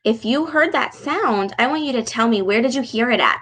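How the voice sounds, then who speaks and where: A woman reading a storybook aloud to young children and teaching a speech sound, talking in a slow, exaggerated, encouraging way. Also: fairly high pitch, expressive, a bit bright.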